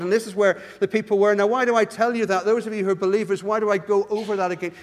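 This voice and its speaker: A man's voice: high voice, long reverb tail. A man preaching a sermon in a church, pleading earnestly with his listeners and often restarting his words. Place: church hall.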